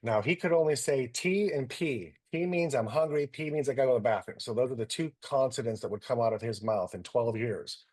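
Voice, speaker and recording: A middle-aged man, a doctor, telling lively anecdotes and acting out what people said. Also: mid-range voice, fairly quick, few pauses. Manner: animated anecdotes, acting out quotes. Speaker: guest doctor. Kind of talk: storytelling in a talk.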